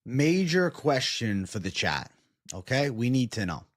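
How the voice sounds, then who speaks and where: A man hosting a casual livestream and chatting with viewers, animated and profane. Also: mid-range voice, a little slow, no echo, clean studio sound. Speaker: livestream host.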